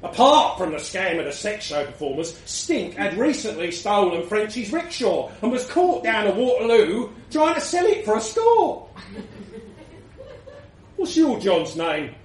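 A man's voice: sits high, big pitch swings, moderate pace, few pauses, far from the mic, slight background noise. A man narrating a crude, wry story. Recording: roomy, from the mic.

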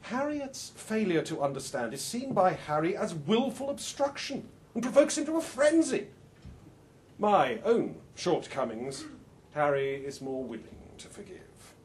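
A man reading a first-person story aloud with dry, understated humor, opening lines with "well" and letting out soft laughs. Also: high-pitched, big pitch swings, measured pace, slight background noise.

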